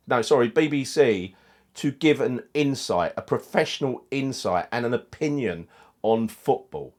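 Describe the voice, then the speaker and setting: A man's voice: medium pitch, lively intonation, normal speed. A man hosting a football fan channel, delivering a heated, sweary rant in casual commentary.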